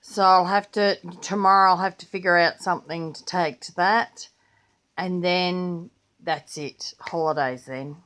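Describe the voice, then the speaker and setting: In a casual vlog, an older Australian woman with a grandchild rambles on about her planner and pens. Her voice is lowish and fairly bright, with fairly even intonation and a slightly slow pace.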